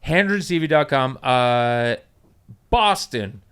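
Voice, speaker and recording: A man's voice: mid-range voice, animated, takes it slowly, fairly bright tone, clean tone. A man, a comedian guest on a podcast, making crude jokes in casual chat. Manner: crude, joking.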